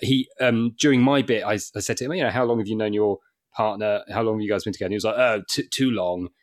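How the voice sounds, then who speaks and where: A man, a stand-up comedian, chatting as a guest and telling lively anecdotes with frequent laughs. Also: lowish voice, rapid-fire. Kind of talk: casual chat.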